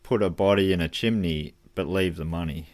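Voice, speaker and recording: A man's voice: sits low, brisk. A man co-hosting a casual chat, reacting eagerly and thinking aloud. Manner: animated, enthusiastic reactions. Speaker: podcast co-host.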